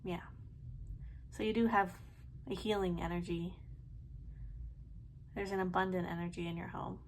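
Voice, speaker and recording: In a low-leaning voice at a moderate pace, a woman does a laid-back tarot reading for viewers over slight background noise. She chats loosely with many fillers and soft laughs, her throat a bit itchy.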